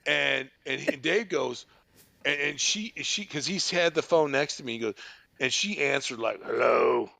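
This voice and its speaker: A man's voice: a little high, expressive, normal speed, creaky, bright, forceful tone, no echo. A man hosting a podcast who tells a rambling story full of profanity and restarts. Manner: rambling, profane, laughing retelling. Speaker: podcast host. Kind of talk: casual storytelling.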